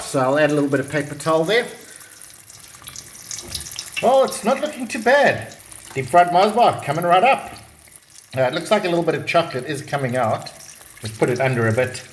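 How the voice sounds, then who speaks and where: A chatty man walks through a recipe with a joking, easygoing manner. His voice sits a little high. The recording has a roomy echo. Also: quick pace, slight background noise. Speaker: cooking vlogger. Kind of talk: casual cooking demonstration.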